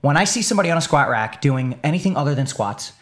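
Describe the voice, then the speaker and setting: A young man telling a story in a casual chat, animated, repeating words and getting fired up. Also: a little high, quick pace. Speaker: streamer, podcast co-host.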